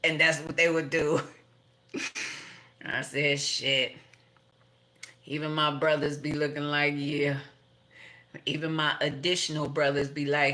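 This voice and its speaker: A middle-aged woman rambles through a casual monologue, blunt and profane, breaking into laughing asides. Her voice sits low in pitch yet sounds bright and sharp. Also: flat delivery, slow pace, long pauses. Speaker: tarot reader.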